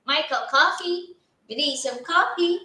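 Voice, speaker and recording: A woman co-hosting a casual livestream who reads out viewer names and comments in an unhurried way. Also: sits high, pushed and bright, echoey room, poor audio. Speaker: co-host reading viewer comments.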